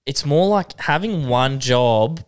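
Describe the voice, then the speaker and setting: Smooth-voiced Australian podcast co-host. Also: male voice, medium pitch, slow pace. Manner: laughing, relaxed banter. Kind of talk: casual podcast chat.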